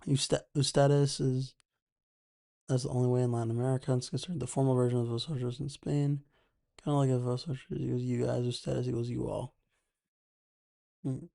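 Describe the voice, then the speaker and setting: A man's voice: medium pitch, little pitch movement, a little fast, creaky, long pauses, mellow. A young man hosting an election night live stream, chatting casually, thinking aloud and reading out viewers' comments.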